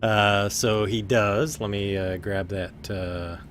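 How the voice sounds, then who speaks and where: A man narrating a tabletop game as game master, relaxed and full of fillers. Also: on the low side, slow, a little hiss or hum.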